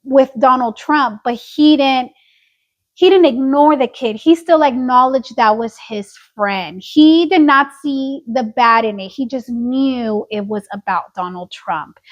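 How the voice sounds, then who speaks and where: A woman's voice: sits high, a little slow, lo-fi sound. A woman co-hosting a casual gossip podcast, telling stories and acting out what people said. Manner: animated storytelling, acting out quotes. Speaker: podcast co-host.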